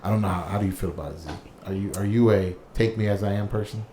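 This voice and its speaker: A man's voice: on the low side, fast talker, mellow. A man co-hosting a casual chat, playful and teasing, who laughs often. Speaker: podcast co-host. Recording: echoey room with background noise.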